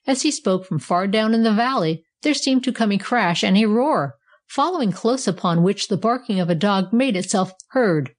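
A woman narrating a storybook with a measured, expressive reading style. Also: medium pitch.

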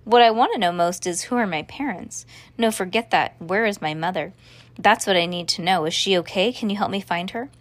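A woman's voice: medium pitch, fairly quick, no echo, lightly acted. A woman voicing a frightened young girl who asks anxious, pleading questions.

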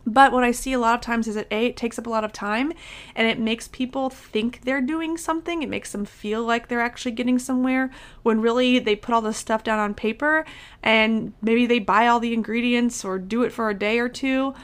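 A woman's voice: a little high, steady tone, fairly quick, clean tone. A young woman speaking as a nutrition coach, talking candidly and emphatically in a casual motivational style. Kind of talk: motivational talk to camera or podcast.

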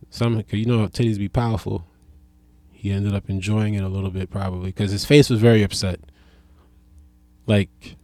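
A young man's stand-up monologue comes across loose, rambling and full of profanity, jumping between outbursts and muttering. It was captured as a dry recording.

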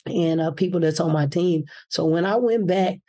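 A man, a political candidate telling a personal story in an animated way and acting out the voices he quotes. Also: on the high side, moderate pace.

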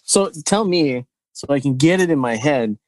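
A man's voice: a little high, animated, normal speed, a little mellow, no room sound. A man hosting a podcast, joking around and laughing a lot. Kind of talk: casual podcast chat.

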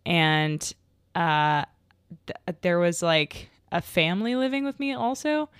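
A woman's voice: fairly low pitch, expressive, slow pace, smooth, dry recording. A young adult woman hosting a podcast alone, telling stories in a rambling, casual way, full of fillers and frequent laughs. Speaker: podcast host. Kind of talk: casual solo podcast chat.

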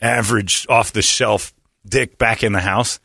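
A middle-aged man hosting a casual comedic chat, telling stories with loud high-pitched impressions of other people. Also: steady tone, unhurried, creaky, no echo, studio quality. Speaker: podcast host.

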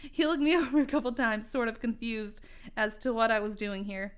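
A woman's voice: on the high side, fairly even intonation, fairly quick, smooth. A woman in her thirties reading her old teen story aloud, breaking into laughter and self-mocking asides. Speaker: reader.

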